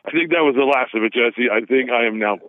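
A man calling in by phone, rambling and halting with self-deprecating restarts. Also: mid-range voice, no room sound. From California. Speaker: caller. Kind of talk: phone call-in chat. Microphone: telephone. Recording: tinny phone line.

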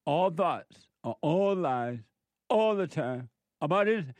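A man's voice: fairly high pitch, animated, slow pace, no room sound. A man delivering a preaching monologue, emphatic and repetitive, full of rhetorical questions.

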